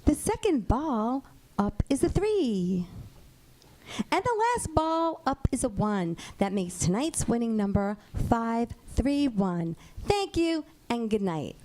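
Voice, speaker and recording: Lady doing a stiff polite midwest lottery girl, slow and flat, kinda low and soft. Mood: prim. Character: prim young woman lottery announcer from the Midwest.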